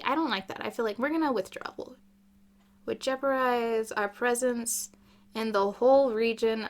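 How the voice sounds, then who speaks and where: Lady playing a sim game, talks politics while clicking, jokey asides, kinda high voice. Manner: opinionated, chatty, jokey asides. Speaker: gaming YouTuber. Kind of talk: casual gameplay commentary.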